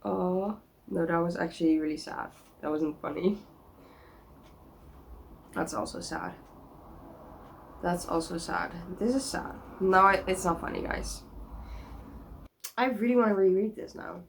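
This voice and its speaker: Young woman, chatty vlog, giggly, rambling, lively and excitable. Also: fairly low pitch, normal speed, creaky, slight background noise, poor audio. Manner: bubbly, rambling, giggly, many likes and restarts. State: sick. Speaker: vlogger.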